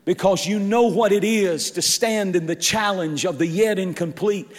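A male pastor preaching a sermon, emphatic and repetitive, building up to shouts. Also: high-pitched, normal speed, long reverb tail.

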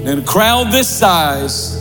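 Male pastor, high voice, slow deliberate sermon delivery, shouted peaks, reverberant church hall with faint music. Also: animated. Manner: preaching with shouted builds and slow dramatic pauses. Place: large church.

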